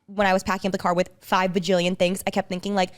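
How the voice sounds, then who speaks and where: Woman podcast host, smooth clear voice, animated storytelling, acts out the quotes. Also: medium pitch, fast talker. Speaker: hair and makeup artist. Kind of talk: casual chat.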